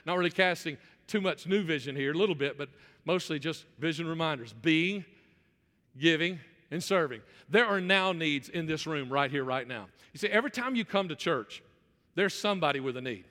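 A male pastor preaching a sermon in church, repeating phrases for emphasis and restarting his sentences quickly. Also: high voice, pushed and bright, long reverb tail. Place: church sanctuary.

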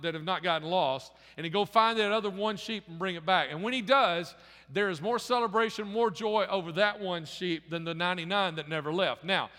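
A high-pitched male pastor delivers a sermon in a church sanctuary, retelling a story casually and stumbling over repeated words. His voice is bright and forceful, and a long reverb trails behind it. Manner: conversational storytelling with frequent restarts.

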